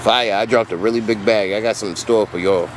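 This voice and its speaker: Hyped deep-voiced man showing off his dogs. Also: steady tone, fairly quick. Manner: hyped, slangy, talks straight to viewers. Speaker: dog breeder and kennel owner. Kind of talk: casual vlog walkthrough. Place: outdoors at a kennel yard. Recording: loud outdoor noise with traffic.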